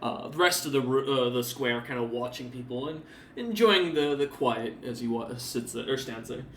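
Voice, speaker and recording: A bright, sharp man narrating a tabletop game as game master, rambling loosely through the scene. His voice rings in a roomy space a bit away from the mic. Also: mid-range voice, normal speed, far from the mic, a little hiss or hum. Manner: rambling, laughs often.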